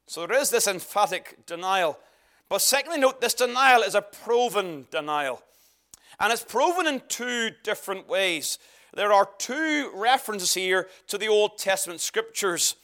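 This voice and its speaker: A man's voice: high voice, lively intonation, measured pace, fairly bright tone. A man preaching a sermon, emphatic and earnest, often repeating words for stress. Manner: emphatic, varied delivery with repeated phrases.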